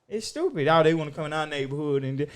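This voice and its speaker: Emphatic high-voiced podcast host. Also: male voice, little pitch movement, rapid-fire, clean tone. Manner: loud, emphatic, profane, swings between shouting and muttering. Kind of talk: casual chat.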